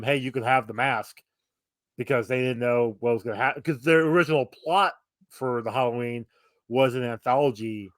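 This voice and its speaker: A man co-hosting a podcast who drifts into relaxed anecdotes. His voice sits in a middle pitch. The sound is dry and close, with no room around it. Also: no room sound. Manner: easygoing, anecdotal storyteller. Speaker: podcast co-host. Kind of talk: casual chat.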